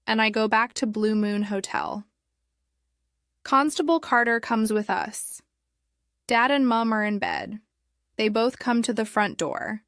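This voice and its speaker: Woman reading a simple english story super slow, clear, dead dry close mic. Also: mid-range voice, a bit bright, no echo. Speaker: story narrator. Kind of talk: graded reader story narration.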